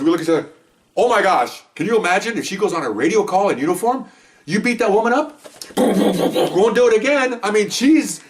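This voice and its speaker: A man's voice: mid-range voice, recorded from a distance. An older man, a retired police officer, telling stories in a rambling, casual way and acting out bits of dialogue. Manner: rambling, acts out quoted dialogue. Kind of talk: casual storytelling.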